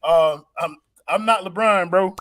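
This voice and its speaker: A young man hosting a late-night sports stream, chatting casually, laughing loudly and swearing freely. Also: high-pitched, a little slow. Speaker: host of a post-game sports stream. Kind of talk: casual profane chat.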